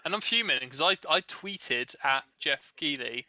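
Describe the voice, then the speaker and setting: Male co-host, very bright tone, opinionated rambling. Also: fairly high pitch, lively intonation, normal speed. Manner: blunt, opinionated, swears. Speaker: co-host on a watch-party stream. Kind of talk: casual banter over a livestream.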